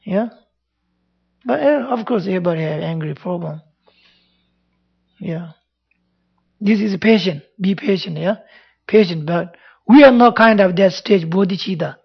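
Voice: medium pitch, a little slow, vocal fry, long pauses, slightly rough. A Buddhist teacher giving a dharma talk in broken English, repeating phrases and checking in with the audience. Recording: dull lo-fi recording.

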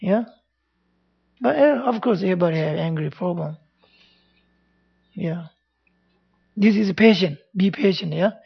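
A Buddhist teacher who isn't a native English speaker gives an informal talk, earnest and repetitive, often checking in with "yeah?". His voice is high-pitched, animated and gravelly, slightly rough, at a measured pace with frequent pauses, and the recording is muffled.

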